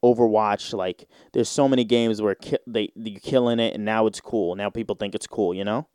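A man's voice: fairly low pitch, fairly even intonation, normal speed, darkish tone, clean tone, dry recording, studio quality. A man hosting a solo podcast, rambling in casual slang with lots of fillers. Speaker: podcast host.

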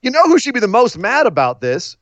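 A man co-hosting a casual wrestling talk show, ranting sarcastically and mocking with quick impressions. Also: very high voice, huge pitch swings, a bit bright, dry recording, muffled recording. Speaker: podcast co-host. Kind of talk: casual wrestling commentary chat.

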